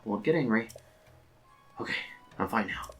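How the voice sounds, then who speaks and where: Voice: mid-range voice, expressive, moderate pace, faint music behind, natural voice. A player putting on a grumbling, impatient woman. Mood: exasperated. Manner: grumbling, exasperated. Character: impatient woman stuck waiting in line. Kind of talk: reading game dialogue aloud.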